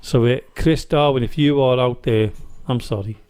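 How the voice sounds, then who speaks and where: This podcast host speaks in a smooth, mid-range voice at a moderate pace from a studio. Telling an anecdote in relaxed chat, he brings it to life by performing what people said and laughing readily.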